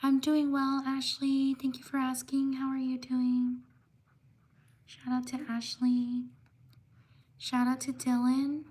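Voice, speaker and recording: A woman hosting a craft livestream, steadily giving shout-outs to viewers in the chat and apologizing when she mispronounces their names. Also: sits high, completely flat delivery, takes it slowly, pauses often, breathy edge. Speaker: livestream host.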